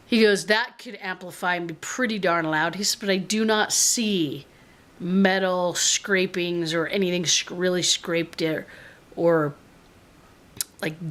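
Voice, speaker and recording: A young woman vlogging, retelling a story in a rambling, excitable way with frequent restarts. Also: medium pitch. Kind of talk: casual storytelling to camera. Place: in a car.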